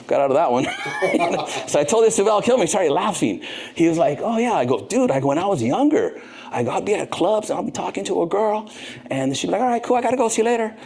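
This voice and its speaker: A middle-aged man, a podcast guest, telling a long story with lively, profane energy and acting out both sides of the dialogue. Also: medium pitch. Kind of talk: animated storytelling.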